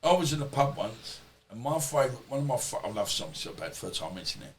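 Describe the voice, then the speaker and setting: A man's voice: mid-range voice, big pitch swings, fast, slight background noise. A man, a podcast guest, telling stories in a rambling, colloquial way and swearing freely. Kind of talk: casual storytelling interview.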